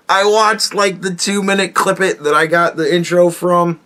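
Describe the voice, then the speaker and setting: A man's voice: high-pitched, fairly even intonation, moderate pace, sharp tone, clean tone. A man hosting his own show, ranting alone in a casual, exasperated and sarcastic way, swearing and restarting his sentences often. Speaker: podcast host. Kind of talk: casual solo rant.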